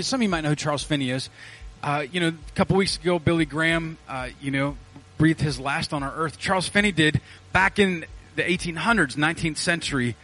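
A male pastor, preaching a casual, animated sermon with slang asides into a mic in a church. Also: a little high, low-quality recording. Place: church sanctuary. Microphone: handheld or headset mic.

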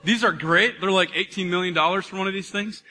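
Man, pastor, sermon, high voice, bright tone, lively and conversational. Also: a little fast, big-room sound. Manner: energetic, conversational, joking with the congregation. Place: church auditorium.

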